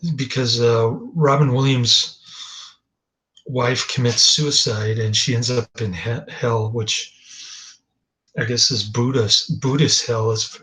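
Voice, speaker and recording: A man's voice: medium pitch, fairly bright tone, low-quality recording. A man giving a casual, rambling movie review, hesitant with many fillers and restarts, dry and dismissive.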